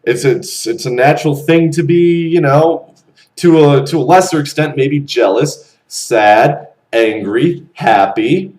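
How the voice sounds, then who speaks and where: A young man around twenty ranting bluntly to camera, animated and swearing freely. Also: a little high, slow, low-quality recording. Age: young adult. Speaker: vlogger. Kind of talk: casual rant to camera.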